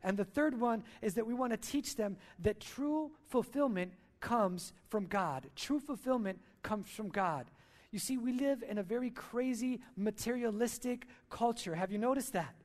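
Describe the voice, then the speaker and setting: A man's voice: extremely high pitch, expressive, moderate pace, a little mellow. A male pastor preaching a sermon at a church service, emphatic, repeating key lines and asking rhetorical questions.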